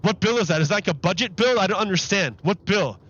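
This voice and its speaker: A man's voice: high voice, lively intonation, quick pace, fairly bright tone, breathy edge, lo-fi sound. A man live-streaming commentary on a political interview, exasperated and repeating his questions over the clip.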